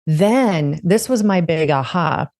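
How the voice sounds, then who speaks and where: A woman's voice: on the low side, expressive, slow pace, a little mellow. A middle-aged woman, a podcast guest, telling her personal story in a candid, reflective way. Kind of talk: conversational interview.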